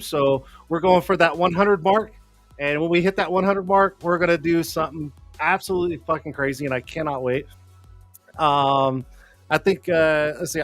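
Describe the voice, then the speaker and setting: A man's voice: a little high, a bit bright. A man hosting a live streamed show in casual chat, rambling, swearing freely and laughing often.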